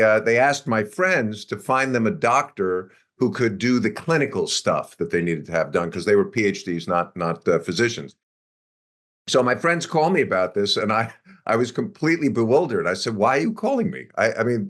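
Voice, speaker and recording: Older man spinning a lively anecdote. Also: lowish voice, normal speed. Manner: animated anecdote-telling with acted-out quotes and chuckles. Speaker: interview guest, biotech executive. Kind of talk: conversational storytelling.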